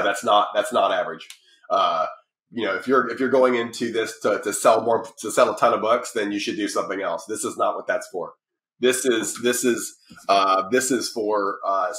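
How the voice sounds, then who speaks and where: A middle-aged man with a low-pitched voice, chatting as a podcast guest. He rambles with frequent restarts and fillers, and the sound bounces around a roomy space. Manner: rambling, lots of restarts and fillers, animated when telling stories. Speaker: podcast guest, publishing company founder. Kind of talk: casual interview talk.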